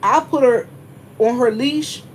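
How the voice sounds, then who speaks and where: A chatty middle-aged woman with a high voice tells a long story straight to her viewers. She keeps it animated, laughing and checking in with them, while a faint hum sits under the recording. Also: slow pace. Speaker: vlogger.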